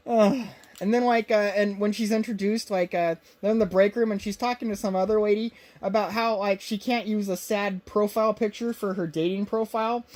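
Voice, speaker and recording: Woman podcast co-host, casual movie recap, rambling, filler-heavy, mid pitch. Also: fairly even intonation, a little fast, a little mellow. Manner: rambling, full of fillers and restarts.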